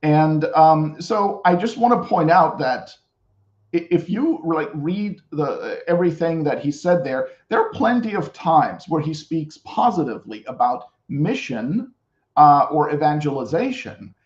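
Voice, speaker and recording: A man's voice: fairly high pitch, animated, measured pace, reverberant, highs cut off. A man speaking as a guest on a podcast, explaining at length with many fillers. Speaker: guest commentator. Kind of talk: casual podcast discussion.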